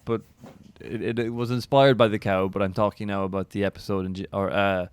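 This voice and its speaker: A man's voice: lowish voice, level tone, fairly quick, few pauses, clean tone. A man hosting a casual call chat, rambling through his ideas and laughing at them. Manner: rambling, many fillers, laughs at own ideas. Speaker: podcast host.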